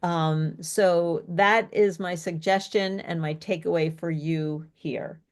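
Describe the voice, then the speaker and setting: A woman's voice: on the low side, steady tone, slow pace. A woman speech coach teaching an online workshop in an explanatory, coaching way over a video call.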